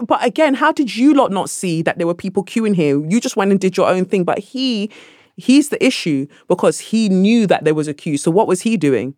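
A woman guest on a podcast, telling stories in a lively conversational way and acting out the people in them. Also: mid-range voice, moderate pace, no room sound, clean studio sound. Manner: animated, acts out voices in her anecdotes. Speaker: podcast guest, actress and author.

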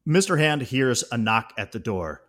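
A man recapping a favorite comedy scene on a podcast, amused and laughing often as he goes. His voice sits at an ordinary middle pitch. The talk is loose and conversational. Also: big pitch swings, normal speed, fairly bright tone. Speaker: podcast co-host. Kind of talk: casual movie discussion.

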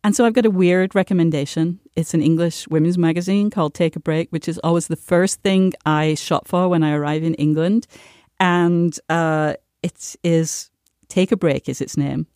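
A woman's voice: fairly low pitch, fairly even intonation, normal speed, darkish tone, no room sound. Woman, podcast co-host, casual chat, hesitant with lots of fillers, dry close sound. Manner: hesitant, many fillers and restarts.

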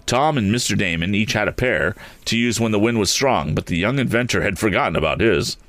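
Lively man reading a story aloud. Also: on the low side, fairly quick, few pauses, no echo. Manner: animated, lively reading with occasional restarts. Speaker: audiobook reader. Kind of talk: storybook narration with character voices.

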